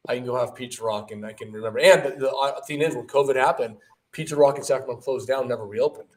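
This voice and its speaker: A man's voice: mid-range voice, quick pace, distant mic. A man co-hosting a casual livestream, chatty and enthusiastic as he talks about food and plugs his business. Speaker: mortgage lender and co-host.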